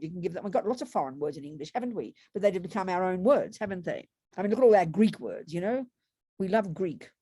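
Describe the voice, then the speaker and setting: A Buddhist meditation teacher gives a conversational dharma talk to students, often restarting sentences and using rhetorical tag questions. Her medium-pitched voice has a dark tone, captured with studio quality and no room sound.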